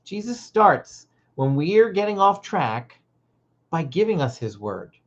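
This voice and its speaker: A Christian parenting coach hosts a livestream, teaching parents in an animated way and acting out short dialogues. The voice is mid-range and a little slow, and the recording sounds muffled.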